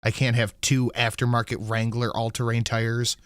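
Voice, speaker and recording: A man hosting a podcast, telling an angry story full of swearing and quoting himself loudly. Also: medium pitch, completely flat delivery, normal speed, smooth, no room sound, studio quality. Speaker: podcast host. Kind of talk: casual ranting chat.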